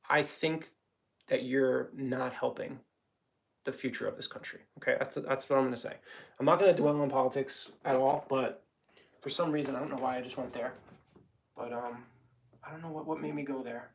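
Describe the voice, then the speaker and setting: Gravelly man chatting while he paints. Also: medium pitch. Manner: rambling, talks to himself and chat while working; gets heated and louder when ranting. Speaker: live-stream painter. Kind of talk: casual live-stream chat while painting.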